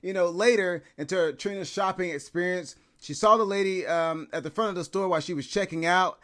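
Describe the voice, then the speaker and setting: A man's voice: high-pitched, brisk, fairly bright tone. A man hosting a commentary video, talking in a chatty way with lots of fillers. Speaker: commentary channel host. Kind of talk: casual commentary.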